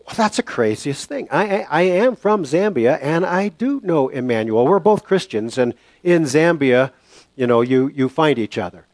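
A man doing a gentle male nurse. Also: fairly high pitch, expressive, normal speed, no room sound. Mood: reassuring. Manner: gentle, reassuring. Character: kind male hospital nurse from Zambia.

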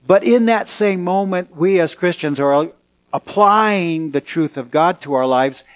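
A man's voice: sits high, animated, a little slow. Earnest man preaching a sermon. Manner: earnest, emphatic, varies pace for effect. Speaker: pastor. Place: church sanctuary.

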